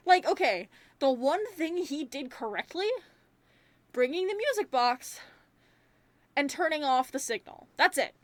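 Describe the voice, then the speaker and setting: A young woman giving a casual movie review, animated and rambling, swearing freely as she rants. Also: high voice, unhurried, no room sound. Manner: rambling, many fillers.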